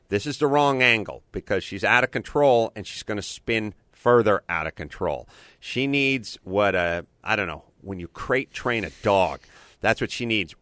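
A man's voice: medium pitch, no room sound, clean studio sound. A man co-hosting a radio talk show, telling stories bluntly and profanely in casual comedic chat. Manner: blunt, profane, animated storyteller. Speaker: radio co-host.

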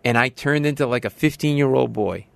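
A man who is a comedian, telling a story in a casual podcast interview and acting out other people with sudden high shouts. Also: a little fast, vocal fry, no echo.

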